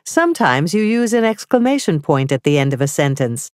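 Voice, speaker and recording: A woman narrating a scripted grammar lesson, reading slowly and carefully with clearly spelled-out examples. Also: sits low, big pitch swings, dry recording, clean studio sound. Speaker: teacher.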